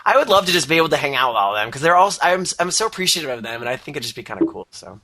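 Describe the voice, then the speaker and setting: Man, podcast host, lively pitch, bright tone, rambling casual chat. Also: racing. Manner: rambling with many "like" fillers and laughter.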